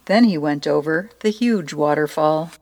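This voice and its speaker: A woman reading a children's story aloud in a playful, expressive way. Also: deep voice, moderate pace. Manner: playful, expressive narration with asides.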